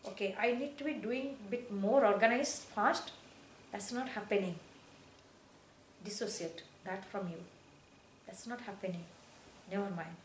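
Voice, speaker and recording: A woman giving spiritual instruction on meditation, speaking in slow, repetitive phrases with hesitations and soft, falling affirmations. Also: mid-range voice, echoey room, a little hiss or hum, poor audio. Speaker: spiritual teacher. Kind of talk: guided meditation teaching.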